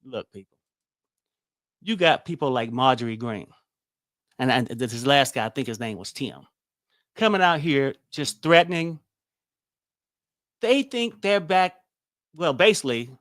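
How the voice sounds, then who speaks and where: A man's voice: mid-range voice, expressive, moderate pace, long pauses, a bit bright, no echo, clean studio sound. A man hosting a casual political commentary show, blunt and exasperated, swearing freely.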